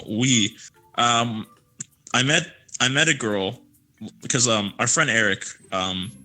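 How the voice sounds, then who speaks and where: A young man tells a story on a casual podcast, rambling and swearing freely. His voice is bright and forward, with faint music playing behind him. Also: mid-range voice, takes it slowly, low-quality recording. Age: young adult. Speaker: podcast co-host. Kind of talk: casual chat.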